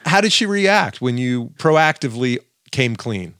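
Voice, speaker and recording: A man hosts the conversation in a dry, close-miked sound at an ordinary pitch. He asks direct, probing questions with a wry, conversational touch. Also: big pitch swings, unhurried, a bit bright, clean tone, no room sound. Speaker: podcast host. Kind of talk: interviewer asking probing questions.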